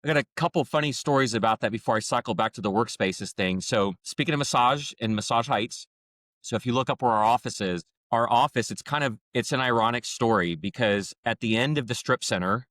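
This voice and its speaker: A man's voice: mid-range voice, a little fast, dry recording, clean studio sound. A man hosting a podcast, telling a story in a casual, chatty way and acting out the dialogue. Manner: chatty, acts out quoted dialogue with lively voices. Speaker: podcast host.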